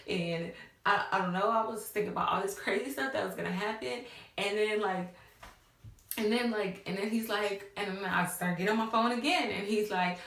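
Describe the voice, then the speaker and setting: A woman's voice: lowish voice, moderate pace, a bit bright, distant mic. A young woman telling a story on her vlog, casual and full of fillers, acting out what people said. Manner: casual, many fillers, acts out quotes. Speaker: vlogger. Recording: echoey room, off-mic.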